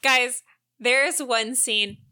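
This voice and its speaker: A woman's voice: on the high side, slow pace, sharp tone, clear, resonant tone, dry recording, clean studio sound. A young woman co-hosting a book podcast in casual, frank chat, full of fillers and casual swearing.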